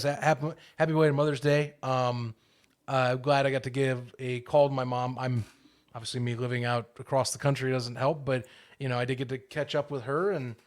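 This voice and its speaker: Upbeat male podcast co-host. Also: medium pitch. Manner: upbeat and quick to laugh. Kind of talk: casual podcast chat.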